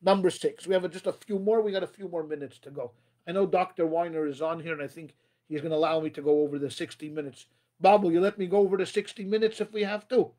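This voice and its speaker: A rabbi giving a motivational talk on marriage, emphatic, repeating phrases and calling the audience ladies and gentlemen. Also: male voice, a little high, steady tone, fast talker.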